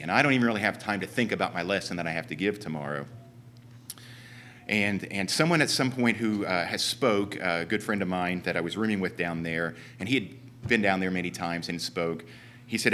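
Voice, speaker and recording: A man's voice: on the low side, pushed and bright. A man with a Southern Ohio accent telling a long, rambling story from the church pulpit in run-on sentences. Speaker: church member giving a talk. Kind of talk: sermon storytelling. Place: church sanctuary.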